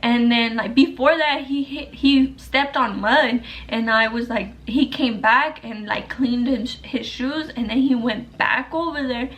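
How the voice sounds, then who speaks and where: A woman's voice: fairly high pitch, a little slow, few pauses, a bit bright. A young woman vlogger telling a story to the camera in a rambling, profane, casual way, full of fillers.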